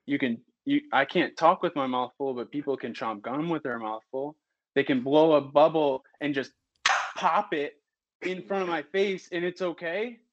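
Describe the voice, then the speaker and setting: A man who is a physician, guest on a podcast, talking candidly and getting animated and heated as he goes. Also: on the high side, normal speed, dry recording, highs cut off. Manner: candid and animated, works himself into heated rants. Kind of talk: casual podcast conversation.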